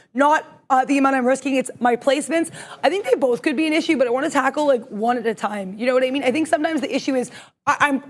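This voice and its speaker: Fast, high-voiced emphatic woman trader. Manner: emphatic, excitable, talks to herself aloud. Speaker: day trader co-host. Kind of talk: live trading stream commentary.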